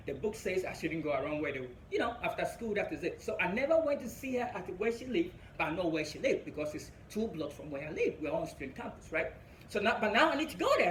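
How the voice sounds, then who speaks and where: A young Ghanaian man doing stand-up storytelling, animated and laughing at his own story. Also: high-pitched, reverberant, a little hiss or hum, rough recording. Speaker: stand-up comedian.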